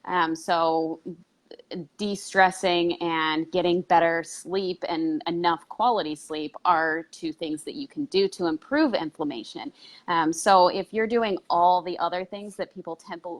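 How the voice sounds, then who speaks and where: A woman's voice: fairly low pitch, fairly even intonation, a little slow. A woman co-hosting a live health stream, speaking conversationally with some hesitations. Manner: conversational, hesitant with fillers and restarts. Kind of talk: casual live video talk.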